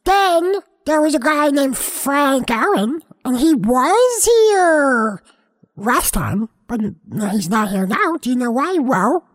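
A high-voiced, dim little boy hosts a comedy podcast, played by a woman. He rambles slowly, trips over his own words and keeps wandering off the point. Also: very animated, exaggerated voice. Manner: rambling, halting, easily sidetracked. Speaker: podcast host.

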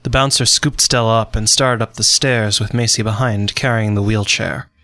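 A man giving dramatic, measured scripted narration for a radio drama. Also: on the low side, fairly even intonation, pushed and bright, dry recording, clean studio sound.

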